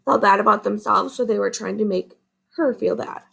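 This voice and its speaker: Gravelly-voiced woman teacher reading aloud. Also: mid-range voice, moderate pace, low-quality recording. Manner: gentle, explaining, asks "right?". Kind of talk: reading a picture book aloud to a class.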